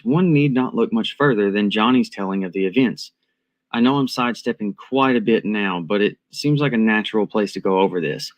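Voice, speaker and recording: A man with a slightly low voice narrates a prepared commentary. He lays out each point in a measured, deliberate and analytical way.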